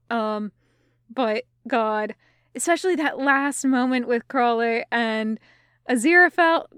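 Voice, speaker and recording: A young woman with a smooth, slightly high voice reads a story at a slow, careful pace and later gushes casually about it, with plenty of fillers. The recording is close and dry. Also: no room sound. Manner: gushing, with fillers in the afterword. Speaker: fan fiction reader. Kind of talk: storybook narration, then casual afterword chat.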